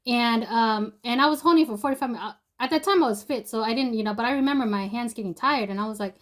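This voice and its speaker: A woman's voice: a little high, fairly quick, a bit bright. A young woman telling a personal story in a loose, rambling way, full of fillers and restarts. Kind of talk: casual spoken storytelling.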